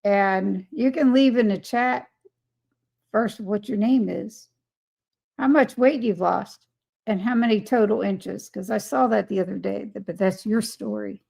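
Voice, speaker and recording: A woman's voice: mid-range voice, a little slow, vocal fry, darkish tone, slightly rough. A woman hosting a casual live stream, greeting viewers by name and reading their chat comments aloud with frequent laughter.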